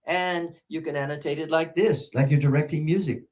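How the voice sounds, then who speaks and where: An older American man teaching English pronunciation, drawing out example words and swinging between loud and soft. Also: on the high side, steady tone, normal speed, hardly any pauses.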